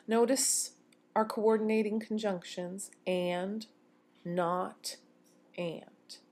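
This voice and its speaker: A woman giving a recorded university lecture on grammar, explaining clearly and slowing down to read quoted lines. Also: mid-range voice, fairly even intonation, a little mellow.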